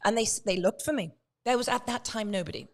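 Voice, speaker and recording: A woman guest on a talk show, telling a story in a lively way and acting out the dialogue. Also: fairly high pitch, fast. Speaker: guest, true crime author.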